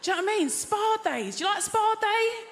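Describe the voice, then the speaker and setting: A woman's voice: extremely high pitch, lively intonation, fairly quick. Chatty English woman doing stand-up. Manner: chatty, confiding, lots of tag questions. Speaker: stand-up comedian. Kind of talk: stand-up comedy. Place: large theatre stage. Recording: echoey theatre with loud crowd noise.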